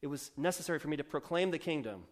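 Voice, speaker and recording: Male pastor, fairly high voice, loose and jokey sermon delivery. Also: lively intonation, very fast. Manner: joking, self-mocking, chatty with fillers.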